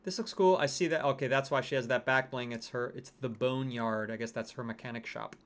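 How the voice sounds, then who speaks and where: A man's voice: medium pitch, steady tone, brisk, a bit bright. A man hosting a game livestream, chatting casually and reading out viewer comments. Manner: chatty, reacting to game skins and chat. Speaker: livestream host.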